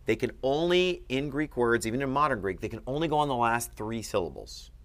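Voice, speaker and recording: A man's voice: medium pitch, expressive, fairly quick. A man teaching at a board in a room, explaining patiently and checking in with frequent "okay?".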